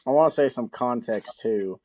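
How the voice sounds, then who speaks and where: A man's voice: medium pitch, normal speed, dark tone. A man on a podcast, adding context to a story with amusement and laughter. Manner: amused, laughing while recounting. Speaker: podcast co-host. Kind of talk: casual storytelling chat.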